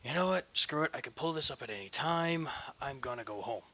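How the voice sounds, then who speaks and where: A man's voice: mid-range voice, animated, fairly quick, bright, forceful tone. A man voicing Naruto as a young male ninja adventurer who mutters to himself while shopping, hungry and grumbling.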